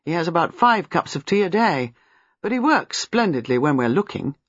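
A reader playing a clear-thinking young husband from a storybook, dry and skeptical, with a slightly husky tone. The sound is dry and close. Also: male voice, fairly high pitch, sing-song, normal speed, a bit bright, no echo, muffled recording. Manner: lucid, skeptical.

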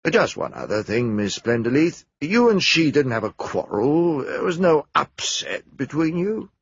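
A man reading an audiobook, voicing a brisk police inspector who questions directly. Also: a little high, very animated, vocal fry, slightly rough, no echo, lo-fi sound, pitched above the performer's own voice, exaggerated voice. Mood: probing.

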